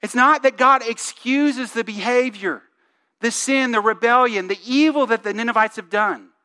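Male pastor, very high voice, bright tone, casual sermon delivery with rhetorical questions. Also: moderate pace, smooth. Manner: conversational, asks the congregation questions; reads scripture aloud with emphasis.

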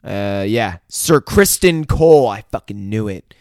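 A man's voice: on the low side, measured pace, no echo, clean studio sound. A man casually recapping a TV episode, swearing constantly, rambling and acting out the characters' lines as he retells them. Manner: profane, rambling, animated retelling with quoted dialogue. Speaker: show recapper.

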